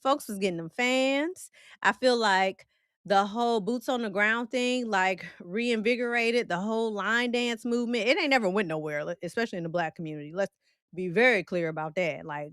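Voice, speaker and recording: Woman, Midwestern country accent, livestream host: loose, playful, chatty; mid pitch, dry close mic. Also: fairly bright tone, no room sound. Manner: chatty and playful, reacting to viewer comments with frequent laughs. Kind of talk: casual livestream chat.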